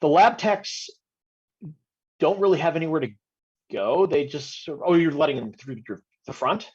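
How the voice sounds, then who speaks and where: Husky game master, hesitant, lo-fi sound. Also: male voice, a little high, lively intonation, normal speed, a little mellow. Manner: hesitant, many ums while describing scenes. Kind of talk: narrating a tabletop game over video call. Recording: dull lo-fi audio.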